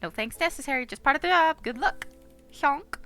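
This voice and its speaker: A woman's voice: high voice, animated, a little fast, sharp tone, soft background music, voice pushed up. A woman voicing an eager, cheerful goose police officer who honks between lines. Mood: chipper. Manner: chipper and honking.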